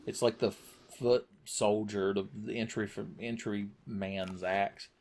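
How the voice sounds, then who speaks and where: A man's voice: fairly low pitch, fairly even intonation, slow pace, darkish tone. Crude joking man playing a game. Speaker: gaming channel host. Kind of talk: let's play commentary.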